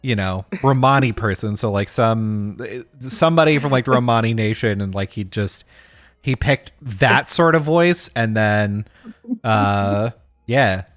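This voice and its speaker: Slow, laid-back male podcast co-host. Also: fairly low pitch, fairly bright tone, no echo, studio quality. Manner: laid-back, chuckles often, trails off mid-thought. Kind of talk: casual chat.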